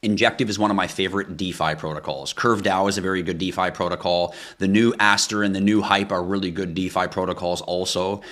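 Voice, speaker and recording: Running a crypto livestream, a man with a deep, fairly bright voice talks a little fast with few pauses and fairly even intonation. He rants passionately and casually, swearing a lot, asking rhetorical questions and pleading with viewers.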